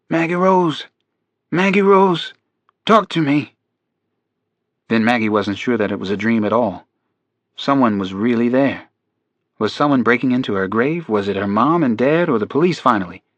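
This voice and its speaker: Guy reading a crime audiobook, even and steady, very dry close mic. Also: medium pitch, a little fast, no echo. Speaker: audiobook narrator. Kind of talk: scripted audiobook narration.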